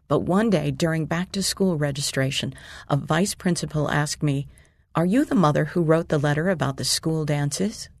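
A woman from the USA, a mother, reading her own story aloud in an earnest, steady narration. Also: fairly low pitch, no room sound, clean studio sound. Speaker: mother telling a personal story. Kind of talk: scripted narration.

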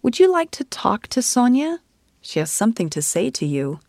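A woman voicing a gentle mother in an audio storybook, speaking softly and soothingly. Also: on the high side, sing-song, normal speed, dry recording, clean studio sound. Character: gentle mother of a young girl.

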